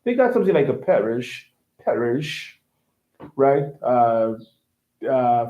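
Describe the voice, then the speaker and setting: A man's voice: mid-range voice, very animated, slow, pauses often. A man teaching English in a casual online lesson, repeating words to model pronunciation and checking that his student understands. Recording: roomy, dull lo-fi sound.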